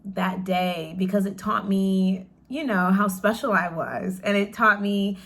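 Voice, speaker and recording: A woman's voice: mid-range voice, steady tone, a little slow, fairly bright tone. A young woman chatting casually to camera in a question-and-answer vlog, bubbly and full of "like" fillers, laughing often. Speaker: vlogger.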